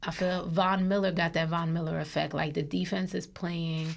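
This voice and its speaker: A woman's voice: fairly low pitch, level tone, moderate pace, vocal fry. Sassy woman hosting a sports podcast. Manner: sassy, slangy, teasing. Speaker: podcast host. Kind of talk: casual sports chat.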